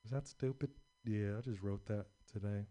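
A man's voice: fairly low pitch, normal speed, warm tone. A young man performing a rambling, profane, self-deprecating stand-up comedy set on a club stage.

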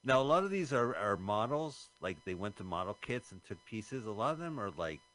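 A man's voice: fairly low pitch, sing-song, fairly quick, a bit bright. A man co-hosting a radio show, casually commenting on a film as he watches and explaining scenes with the odd swear. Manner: laid-back, swears casually, explains as he goes.

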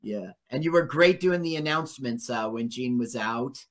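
A man's voice: mid-range voice, animated, normal speed, a bit bright. A man hosting a radio show, interviewing a comedian guest in an encouraging way. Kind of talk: casual interview.

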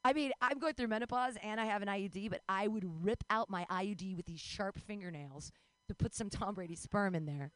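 A woman in her forties doing a rambling, self-deprecating stand-up comedy set, breaking into sudden high yelps and laughter. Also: fairly quick, no echo. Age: 40s.

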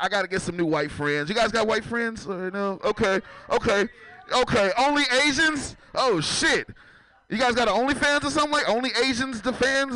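Man loose profane stand-up comic, high lively voice. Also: no room sound, poor audio. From San Francisco. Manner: loose, profane, chatty, teases the audience. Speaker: stand-up comedian. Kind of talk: stand-up comedy set with crowd work. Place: comedy club.

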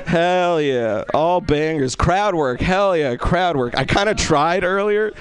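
A man doing a stand-up comedy set in a small club, self-deprecating with deadpan asides and lots of fillers. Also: fairly high pitch, takes it slowly. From Egypt.

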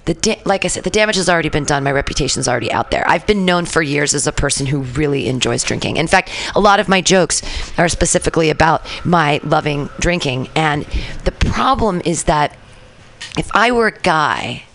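A woman comedian in casual podcast chat, chatty and self-deprecating, quick with jokes. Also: low-pitched, animated, fairly bright tone, slight background noise.

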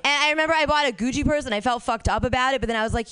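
A woman's voice: high-pitched, very fast, a bit bright, clear, resonant tone. A woman doing a stand-up set, telling crude stories candidly and laughing at her own jokes. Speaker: stand-up comic.

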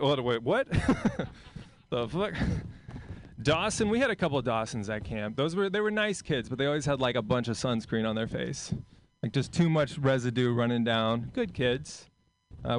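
On a club stage, a man performs a stand-up set, doing crowd work and acting out kids in voices. His mid-range voice is creaky, with a little hiss or hum in the recording.

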